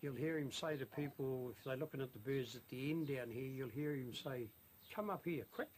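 A man's voice: medium pitch, fairly even intonation, a little fast. A man with a New Zealand accent, a bird keeper chatting casually outdoors at an aviary and talking to his bird. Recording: outdoor noise with bird calls.

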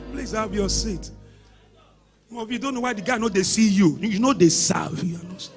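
A man preaching a sermon as pastor, shouting exhortations and breaking into sing-song lines. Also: sits high, moderate pace, faint music behind.

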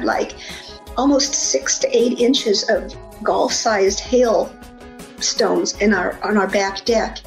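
Female podcast guest, fairly high voice, lively storyteller, faint music underneath. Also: poor audio. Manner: lively storyteller, acts out the people in her story. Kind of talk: personal storytelling in an interview.

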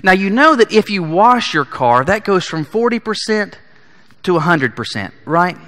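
A man's voice: sits high, very animated, moderate pace. Emphatic preacher man in a reverberant hall. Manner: emphatic, rising to forceful peaks on key lines. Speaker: pastor. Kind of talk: sermon. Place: church sanctuary. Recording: long church hall reverb.

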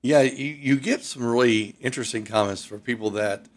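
An older man from Ohio with an Ohio accent, a pilot guest on a radio interview, chatty and animated as he tells stories. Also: medium pitch, normal speed. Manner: chatty storyteller, animated, fond of doing accents. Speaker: air show pilot.

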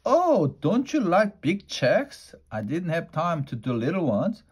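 A man voicing a simple-hearted, literal-minded housemaid in a homey, folksy drawl, a little above his usual pitch. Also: wildly swooping pitch, measured pace, husky, exaggerated voice.

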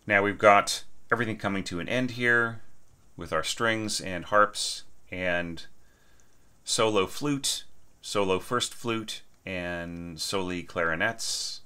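A man's voice: sits low, takes it slowly, bright, forceful tone, clear, resonant tone. A man giving an informal lecture on orchestration, enthusiastic, often checking in with "right?" and singing short phrases.

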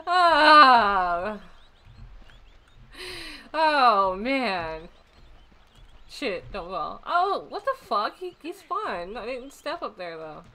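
Giggly, high-pitched woman gaming streamer. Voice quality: swearing, breaks into loud laughter. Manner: giggly, excitable, profane. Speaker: game streamer. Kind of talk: casual gameplay commentary.

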